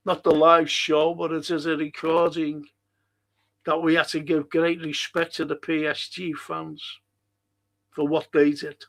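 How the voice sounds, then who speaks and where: A man's voice: on the high side, completely flat delivery, measured pace, gravelly, a bit bright. An older man hosting a podcast, chatting in a rambling way and answering listener messages. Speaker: podcast host. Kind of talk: casual chat reading listener messages.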